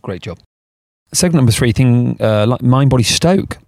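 A man co-hosting a podcast, chatting casually with jokey banter and laughing often, and leading a slow breathing exercise. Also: medium pitch, animated, vocal fry, darkish tone, no echo, clean studio sound. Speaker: podcast co-host. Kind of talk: casual chat and guided breathing.

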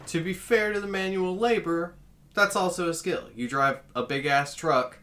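A man with a bright, sharp voice co-hosts a loose comedy podcast. He jokes constantly and swears casually, breaking into laughs between riffs. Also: high voice, moderate pace. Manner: joking, profane, laughs often.

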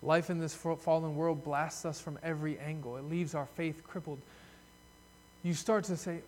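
High-voiced earnest preacher. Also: male voice, fairly even intonation, normal speed, a little mellow, a little hiss or hum. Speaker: pastor. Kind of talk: sermon.

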